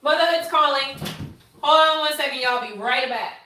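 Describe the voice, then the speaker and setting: She has a high voice and speaks a little fast, with a roomy sound and slight background noise. A woman in her thirties hosting a live show from her home office, she talks casually and candidly with viewers, animatedly sharing stories.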